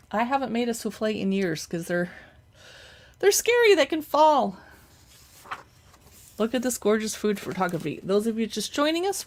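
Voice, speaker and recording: A woman hosting a casual live cookbook look-through, chatty and reading recipe names aloud with quick reactions. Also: fairly high pitch. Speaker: cookbook reviewer livestreaming.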